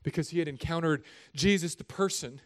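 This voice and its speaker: A middle-aged man, a pastor, preaching a sermon in an animated, conversational, joking way. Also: a little high, fairly quick.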